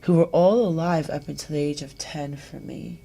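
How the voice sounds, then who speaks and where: This is a middle-aged woman host in a relaxed talk-show conversation, telling stories about her life. Her voice sits low and sounds husky and breathy. She tells things in a lively way and puts on the voices of the people she quotes. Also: moderate pace. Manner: animated, acts out quoted voices. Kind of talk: personal storytelling chat.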